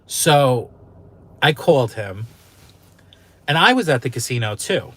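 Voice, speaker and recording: A man's voice: mid-range voice, very animated, unhurried, fairly bright tone, slightly rough. Candid, foul-mouthed man telling a story. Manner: candid, emotional, swears freely. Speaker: YouTube channel host. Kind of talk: casual storytelling vlog.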